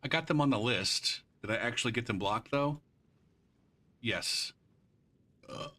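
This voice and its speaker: Here a man with a medium-pitched, sharp-toned voice takes his time while live-streaming gameplay commentary. He rants with frustration and profanity, drifting off into rambling tangents.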